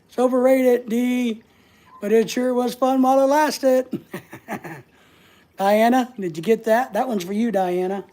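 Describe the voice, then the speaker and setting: A woman's voice: a little high, measured pace, long pauses, dark tone. A woman hosting a casual livestream, answering viewer comments in a playful, teasing way and laughing often. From United States. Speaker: livestream host.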